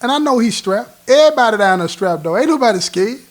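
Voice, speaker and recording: Man, higher voice, streetwise host telling a prison story in slang, animated, quotes people in character. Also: fast talker. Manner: animated, laughs at his own story. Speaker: host telling his own prison stories. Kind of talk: casual spoken storytelling.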